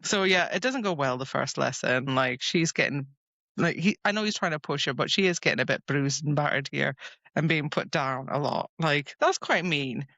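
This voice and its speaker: A woman co-hosting a book podcast in a casual, animated way, slipping into quick put-on voices for characters. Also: deep voice, dry recording, muffled recording.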